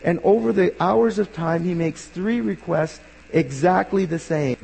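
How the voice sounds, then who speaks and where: A male pastor preaching a sermon in an earnest way, rising to emphatic bursts and dropping quiet. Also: high-pitched, unhurried, creaky, slightly rough. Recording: long hall reverb.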